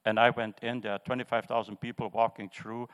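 A man's voice: medium pitch, little pitch movement, a bit bright. Older man in a hall. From Austria. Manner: halting, with fillers and restarts. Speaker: congregation member sharing testimony. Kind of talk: personal testimony in church. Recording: reverberant church hall.

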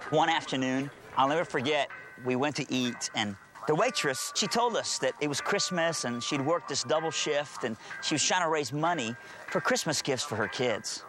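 A man preaching with earnest, emphatic storytelling. His voice sits a little high. Faint music plays behind him. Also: animated, normal speed. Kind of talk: testimony and sermon.

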